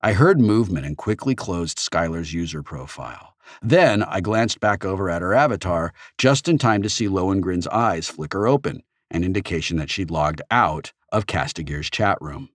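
A man reading a first-person audiobook in an expressive storytelling manner, recorded on a studio microphone. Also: low-pitched, moderate pace, hardly any pauses, dry recording. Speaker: audiobook narrator. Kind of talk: scripted audiobook narration.

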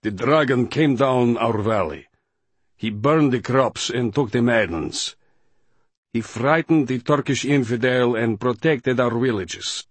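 Guy doing a patient translator man in an audiobook, steady and guarded, husky voice, dead dry. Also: mid-range voice, unhurried, dry recording. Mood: measured. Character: stern adult male translator, patient and guarded. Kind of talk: audiobook character voice.

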